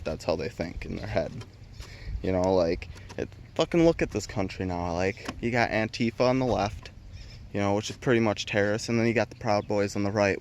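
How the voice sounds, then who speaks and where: A man's voice: fairly low pitch, a little mellow, a little hiss or hum. A man vlogging an opinion rant, heated and rambling, swearing constantly and restarting his sentences.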